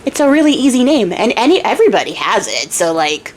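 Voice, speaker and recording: A woman's voice: on the high side, very animated, fast, rough recording. A woman voicing a mischievous little man who makes magical deals, talking flippantly in casual modern slang. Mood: teasing.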